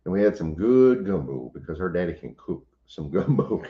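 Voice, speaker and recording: Deep-voiced man, casual livestream. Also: very animated, normal speed. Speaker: homestead channel host. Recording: roomy, slightly dull sound.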